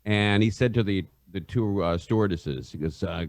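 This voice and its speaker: A middle-aged man, a radio host and podcast guest, telling rambling stories in a halting way and laughing through them. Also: deep voice, a little mellow, no echo. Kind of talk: casual anecdote telling.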